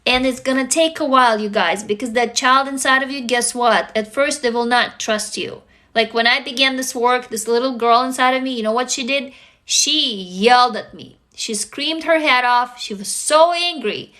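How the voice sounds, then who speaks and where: This woman's fairly high voice moves at normal speed with a bright, forceful tone. She's a sleepy, tired livestream host talking frankly with viewers, cursing liberally and posing rhetorical questions to them.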